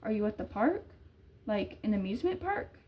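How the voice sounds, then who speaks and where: A woman reading the lines of a steady, level-headed man who advises a friend, in a plain reading voice. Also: high-pitched, rough recording. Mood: measured. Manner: steady, measured.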